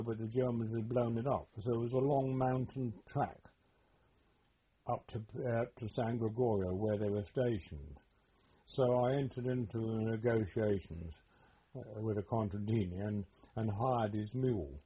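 A man's voice: mid-range voice, warm tone, slightly rough. An older man, telling war stories in a hesitant, rambling way during an oral history interview. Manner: hesitant, rambling storytelling with many pauses. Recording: dull lo-fi recording.

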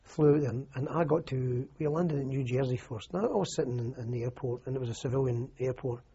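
Older Scottish man, husky and mellow. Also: medium pitch, a little fast. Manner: rambling, anecdotal, frequent restarts and "you know". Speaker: interviewee, army veteran. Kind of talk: oral history interview. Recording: muffled lo-fi recording.

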